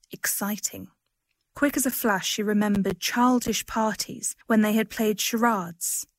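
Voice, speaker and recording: A woman reading a short story aloud in a gentle, expressive storytelling manner. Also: mid-range voice, no echo, studio quality. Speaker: reader. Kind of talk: audiobook narration.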